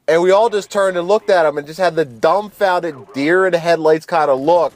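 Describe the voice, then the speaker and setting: A man in his thirties telling a casual story over gameplay as host of his channel, in a relaxed, slangy and profane way with frequent restarts. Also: on the high side, fairly quick, few pauses.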